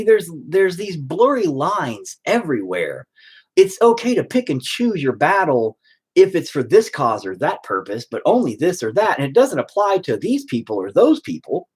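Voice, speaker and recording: A man's voice: medium pitch, breathy edge. A man in a rambling, profane ranting monologue, full of stop-start restarts. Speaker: vlogger.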